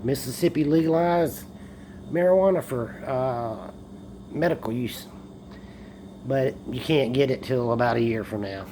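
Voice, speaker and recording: A man's voice: medium pitch, unhurried, pauses often, noisy background. A man, a bit tipsy from beer, rambling and joking through a casual monologue recorded on a phone and swearing often. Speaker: vlogger.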